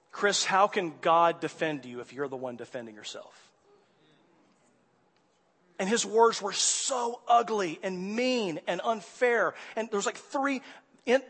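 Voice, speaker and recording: A man preaching a sermon, telling a personal story with animated swings from quiet to loud exasperation. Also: high voice, husky. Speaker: pastor. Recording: hall reverb.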